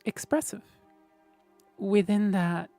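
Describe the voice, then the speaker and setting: A woman streamer in casual livestream chat, explaining voice technique in a gentle, thoughtful way and often checking in with "right?". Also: mid-range voice, slow, soft background music. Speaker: streamer host.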